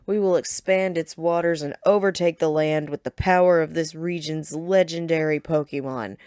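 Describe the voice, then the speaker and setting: A woman's voice: low voice, fairly even intonation, normal speed, darkish tone, clean tone, dry recording, close to an everyday voice. A woman voicing a burly male pirate gang leader who talks down to others in a threatening way, recorded dry. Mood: menacing. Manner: threatening and condescending.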